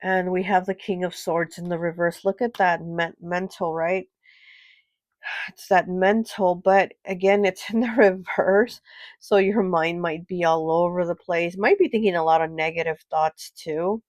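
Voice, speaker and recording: A woman giving a pick-a-card tarot reading, sounding nasal and congested from a cold, with a gentle, reassuring manner full of fillers and check-ins. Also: lowish voice, fairly even intonation, unhurried, no echo. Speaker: tarot reader.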